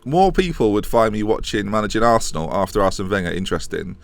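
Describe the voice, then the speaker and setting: Hoarse low-voiced streamer. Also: male voice, very animated, fast talker. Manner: chatty, rambling, restarts and self-corrections. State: hoarse from a chest infection. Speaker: gaming streamer. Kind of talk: live game stream commentary with chat Q&A. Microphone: desk microphone.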